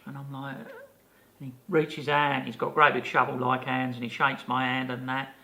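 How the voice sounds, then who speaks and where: At a moderate pace and in a mid-range voice, a fifty-something podcast co-host relates a lively anecdote. The chat is casual, and he acts out whoever he's quoting.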